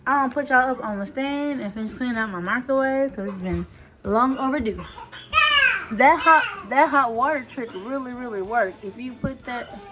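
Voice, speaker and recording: Young mother vlogging chores, high-ish voice, music playing behind. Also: moderate pace. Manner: talks to her babies and toddler while doing chores. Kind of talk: casual home vlog chat.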